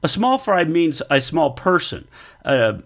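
A man's voice: on the high side, very animated, unhurried, vocal fry, a bit bright. A man from the United States co-hosting a podcast, answering in a joking, playful way with puns. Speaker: podcast co-host. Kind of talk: casual chat.

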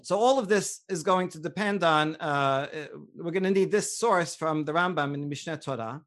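A middle-aged man with a fairly high voice lectures as a rabbi on points of Jewish law. He reads Hebrew passages aloud, translates them, and explains them patiently, with plenty of small hesitations along the way. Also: a bit bright. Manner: measured and explanatory, with frequent uh fillers. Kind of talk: lecture reading and explaining sources.

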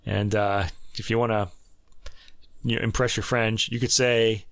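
A man hosting a casual classical music review, chatty and digressive, laughing at his own jokes and slowing down to spell out foreign terms. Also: lowish voice, fairly even intonation, a bit bright, smooth, no room sound, studio quality. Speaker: host reviewing a classical album.

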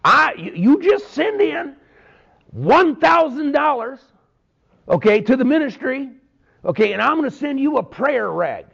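A man's voice: very high-pitched, sing-song, a little slow, gravelly, fairly bright tone, voice pushed up, heavily acted. A man doing a slick huckster TV preacher. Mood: pushy. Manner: pushy salesman patter, repeating "okay". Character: slick male TV preacher selling prayer rags. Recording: dull lo-fi recording.

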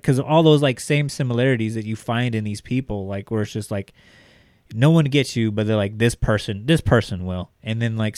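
A man's voice: fairly low pitch, a little mellow, no echo, studio quality. A man co-hosting a podcast, talking loosely in casual chat with many fillers. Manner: loose, filler-heavy talk. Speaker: podcast co-host.

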